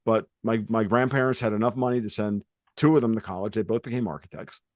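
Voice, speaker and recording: A man's voice: fairly low pitch, fast talker, darkish tone, no echo, studio quality. A man hosting a podcast, telling family stories in a rambling, salty way with many restarts. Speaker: podcast host. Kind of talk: casual podcast conversation.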